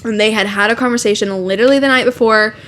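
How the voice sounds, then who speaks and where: A woman's voice: mid-range voice, fast talker, slight background noise. Casual young woman recapping a book. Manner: animated retelling with profanity and "like" fillers. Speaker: podcast co-host.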